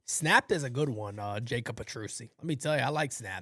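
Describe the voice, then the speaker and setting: Man doing loose fan play-by-play, animated and swinging in pitch, dry close sound. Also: fairly quick, hardly any pauses, no room sound. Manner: rambling, swearing, easygoing banter between pitches. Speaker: play-by-play host of a fan channel. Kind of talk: casual live play-by-play with chat.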